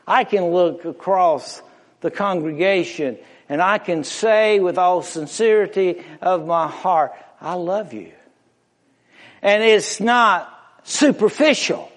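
A man preaching a sermon to a congregation in a church, impassioned, swinging from loud emphatic rises to hushed near-whispers. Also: high-pitched, takes it slowly. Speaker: pastor. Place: church sanctuary before a congregation. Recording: long reverb of a large hall.

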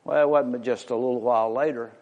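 A man preaching a sermon with an emphatic, drawn-out pulpit delivery. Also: medium pitch, fairly even intonation, a little mellow, dull audio.

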